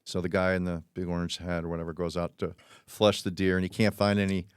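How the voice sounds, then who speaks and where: Brief: middle-aged male guest, low voice, relaxed joke-teller, dry studio. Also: quick pace, clear, resonant tone, no echo. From Chicago area. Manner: easygoing, chuckling joke teller. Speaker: podcast guest. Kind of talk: casual chat.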